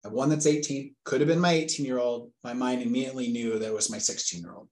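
A man's voice: medium pitch, fairly even intonation, quick pace, a little mellow. A man in his forties, a father being interviewed, retelling a frightening phone call earnestly and vividly. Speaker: guest, a father telling of a scam call. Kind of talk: interview storytelling. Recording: echoey room sound.

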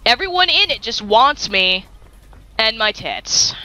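Young woman, gaming commentary, giggly and silly, bright tone, unhurried delivery. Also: a little high, slight background noise. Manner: giggly, silly and excitable, talks to game creatures. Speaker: gaming YouTuber. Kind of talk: playful gameplay commentary.

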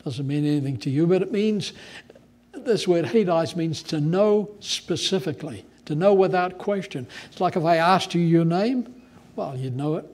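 Man, pastor, sermon, high voice, animated, conversational. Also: normal speed.

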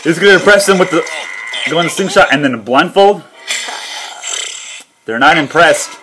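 Reacting casually to a cartoon, this reaction video host speaks at a moderate pace in an animated voice on the high side, repeatedly exclaiming "wow" and laughing frequently. Music plays behind him, and the recording quality is low.

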